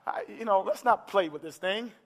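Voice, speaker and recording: A man preaching a sermon in a church, building to impassioned shouted climaxes. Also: sits high, normal speed. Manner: impassioned, shouting climaxes with call-and-response urgency. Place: large church hall with congregation. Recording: echoey church hall with crowd.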